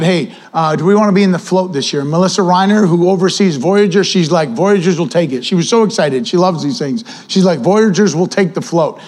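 A man, preaching a sermon and giving church announcements in an animated, casual way. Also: a little high. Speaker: pastor.

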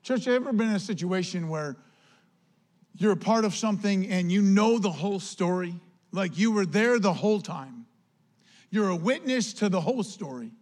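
High-voiced animated male pastor. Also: normal speed. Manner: animated preaching, acts out quoted voices. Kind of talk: sermon.

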